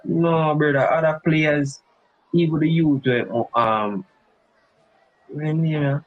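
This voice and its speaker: A man's voice: on the high side, measured pace, dry recording, highs cut off. Young Jamaican guy, insistent football-debate co-host, dry close sound. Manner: insistent, repeats "bro" and "brother". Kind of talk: heated casual debate.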